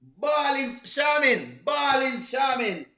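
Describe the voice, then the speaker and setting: A man's voice: extremely high pitch, sing-song, slow pace, pushed and bright, echoey room, a little hiss or hum. A man hosting a comedic reaction video, preachy and teasing, with punchy exclamations.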